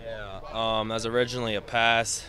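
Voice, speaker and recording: A man's voice: on the low side, a little fast, crowd noise. Easygoing young male football player. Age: young adult. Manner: relaxed, easygoing, laughs between phrases. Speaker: college football running back. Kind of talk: post-practice press interview. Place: outdoors after a scrimmage.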